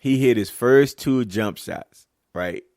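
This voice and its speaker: A man hosting a casual podcast monologue as a youth basketball coach, talking candidly and telling stories, getting animated when riled up. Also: mid-range voice, slow, no room sound, studio quality. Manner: slips into casual Southern-leaning American speech (y'all, ain't).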